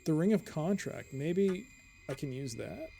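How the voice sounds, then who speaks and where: A man streaming a game live, thinking out loud in a chatty way and reading item descriptions aloud. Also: fairly high pitch, expressive, a little slow, gravelly, soft background music. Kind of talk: casual live game commentary.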